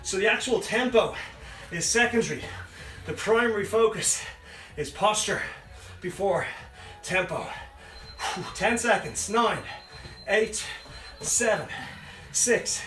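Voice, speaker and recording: High, bright-voiced panting fitness coach. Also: male voice, expressive, takes it slowly. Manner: encouraging, counts down reps aloud. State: out of breath. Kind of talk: live workout instruction with counting. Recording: roomy sound from a distant mic with faint music behind.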